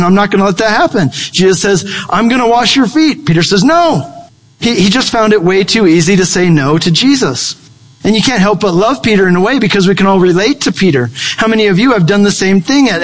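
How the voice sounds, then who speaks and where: A male pastor preaching a conversational, humorous sermon, acting out quoted lines. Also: sits high. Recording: long reverb of a large hall.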